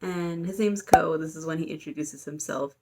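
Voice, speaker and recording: Young woman rambling about a story, lots of likes and quick quotes, super casual. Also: low-pitched, heavy background noise. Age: young adult. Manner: chatty, filler-heavy, playful quoting. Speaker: student vlogger.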